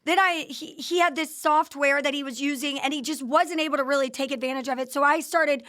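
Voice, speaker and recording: A woman's voice: high voice, steady tone, fairly quick, a bit bright. A woman podcast host telling her company's founding story in a casual interview, acting out the quoted dialogue with animation.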